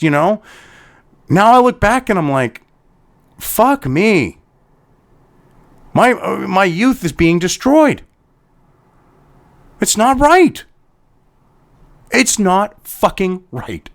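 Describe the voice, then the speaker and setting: A man delivering an angry, profane commentary rant, exasperated and swearing constantly. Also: high-pitched. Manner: swearing heavily, exasperated, sighing. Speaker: commentary host.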